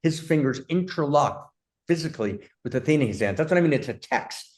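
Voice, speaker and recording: A man hosting an animated film discussion, talking emphatically and breaking into excited bursts. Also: fairly high pitch, brisk. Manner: warmly addresses his partner as "my friend". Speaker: host, philosopher.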